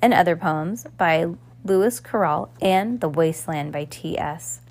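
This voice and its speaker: A woman's voice: lowish voice, measured pace, darkish tone. A woman reading a novel aloud as narrator, with occasional slips and restarts. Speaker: reader. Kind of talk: amateur audiobook narration.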